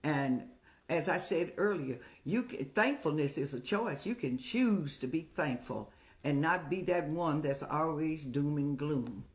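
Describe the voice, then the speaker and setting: An older woman hosting an advice show in a folksy, preacherly way, speaking to viewers like family and telling lively stories. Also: low-pitched, unhurried. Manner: folksy, preacherly, calls listeners "child"; lively storytelling with animated rises. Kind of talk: warm advice talk to viewers.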